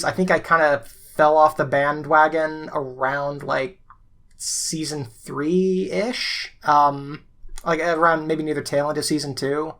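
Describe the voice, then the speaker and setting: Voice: medium pitch, fairly bright tone. A podcast co-host in casual conversation, chatty with many fillers and laughs.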